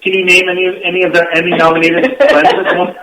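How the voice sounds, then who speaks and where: A man's voice: high voice, steady tone, fast, roomy sound, a loud crowd, low-quality recording. Teasing man hosting chat radio. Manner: joking, teasing banter. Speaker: co-host.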